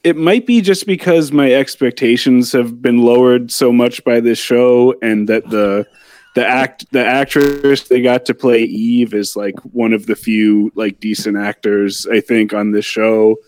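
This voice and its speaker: A man's voice: mid-range voice, a little slow, dry recording. Candid man reviewing TV, dry sound. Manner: relaxed, candid, rambling opinions. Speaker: podcast co-host. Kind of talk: casual TV episode review chat.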